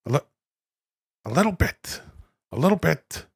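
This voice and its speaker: A gruff older movie star mutters about his pal and repeats the same little phrase over and over, his voice gravelly and rough at the edges. The pitch rises and falls a great deal, as a comedian puts on the impression. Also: sing-song, moderate pace, heavily acted. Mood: rambling.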